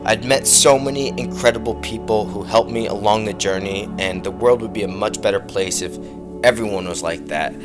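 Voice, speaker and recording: A man's voice: lowish voice, moderate pace. A young man giving a plain, reflective voice-over narration for his travel vlog. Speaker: travel vlogger. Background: background music.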